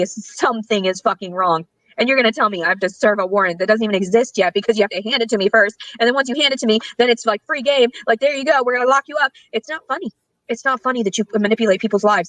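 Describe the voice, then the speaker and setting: A woman's voice: fairly high pitch, a bit bright, no echo, low-quality recording. A woman ranting angrily to her camera, swearing often and rambling from point to point. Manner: profane, agitated, rambling. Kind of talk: angry rant to camera.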